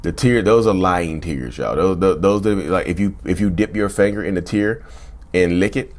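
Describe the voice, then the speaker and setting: A man's voice: sits low, normal speed. A man hosting his own channel, talking casually to his viewers, repeating himself and saying "y'all" a lot. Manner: conversational, repeats phrases, says "y'all" often. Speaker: YouTube host. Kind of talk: casual talk to camera.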